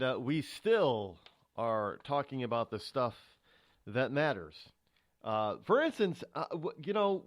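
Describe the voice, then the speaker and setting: Male talk radio host, rambling monologue with restarts, lively up-and-down delivery, dry close mic. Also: mid-range voice, dry recording. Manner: rambling, musing aloud with many restarts. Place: home radio studio.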